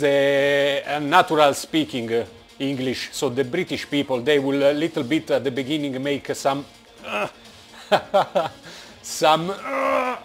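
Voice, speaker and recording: An Italian man with a thick Italian accent talks straight to camera in a casual vlog. His voice sits a little higher than most men's. He is animated and jokey, blunt in his advice, and pads his sentences with frequent "uh"s, with soft music playing underneath. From Italy. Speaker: vlogger. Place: indoors, working in Germany.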